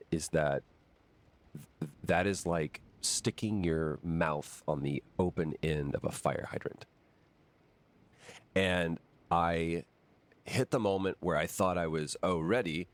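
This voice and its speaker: Very deep-voiced man telling a story. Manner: candid, storytelling with quoted dialogue. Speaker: actor. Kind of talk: interview anecdote.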